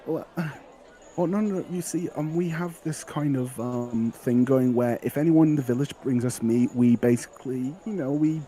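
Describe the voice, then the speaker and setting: A man's voice: medium pitch, moderate pace, dark tone, a little hiss or hum, voice pushed up, lightly acted. A man voicing a nervous, gangly teenage butcher's son who rambles and stammers.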